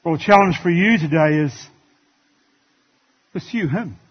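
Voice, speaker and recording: A man's voice: fairly high pitch, a little slow, slightly rough, dull audio. A man preaching a sermon in church, talking conversationally to the congregation and reading scripture aloud. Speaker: pastor.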